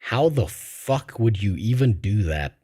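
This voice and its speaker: Brief: male streamer, crude, laughs a lot, very lively pitch. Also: measured pace, breathy edge, no room sound, clean studio sound. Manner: crude, joking, laughs often, stammers. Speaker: streamer reacting to a video. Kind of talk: casual stream commentary.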